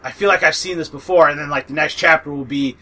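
A man with a bright, slightly high voice rambles through a casual chat about books. He piles on fillers, swears freely and breaks into laughter. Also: fast talker, poor audio. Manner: rambling, lots of fillers and profanity, laughs often. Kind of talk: casual book recommendation chat.

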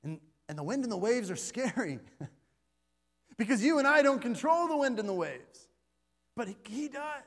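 A man with a high-pitched voice preaches a sermon, talking conversationally with stammered restarts and touches of self-deprecating humor. His voice carries a long reverb, as if he were in a church sanctuary. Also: very animated, a little slow, long pauses. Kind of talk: sermon with scripture reading.

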